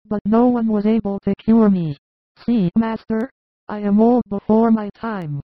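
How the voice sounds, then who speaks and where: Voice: mid-range voice, steady tone, measured pace, no room sound, close to an everyday voice. A reader voicing a humble, frail woman of forty. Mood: pleading, humble. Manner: humble, pleading. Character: poor, frail woman of forty confessing tearfully. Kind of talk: audiobook reading. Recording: tinny phone-like recording.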